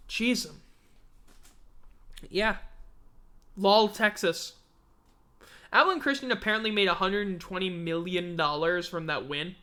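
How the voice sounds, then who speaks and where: A man's voice: high-pitched, slow, pauses often, sharp tone, smooth. A man hosting a casual sports recap, blunt and sarcastic, tired and yawning. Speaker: host of a sports podcast.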